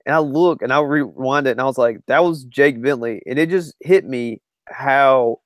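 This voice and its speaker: Rambling man with a smooth, clear voice. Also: mid-range voice, normal speed, dry recording. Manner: rambling, self-correcting. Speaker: podcast co-host and writer. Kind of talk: casual sports chat.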